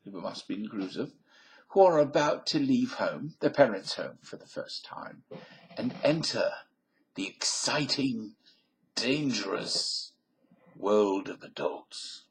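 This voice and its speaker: A man's voice: fairly low pitch, animated, low-quality recording. A man in his fifties with a Southern US accent, telling folksy, meandering stories in a casual monologue. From Southern United States. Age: 50s. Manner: meandering, folksy storyteller, drawn-out phrases. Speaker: video blogger.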